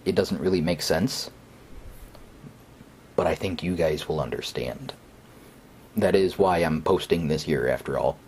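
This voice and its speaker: A man narrating a first-person horror story in a hesitant, conversational way, with fillers and pauses. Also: a bass voice, darkish tone, slight background noise.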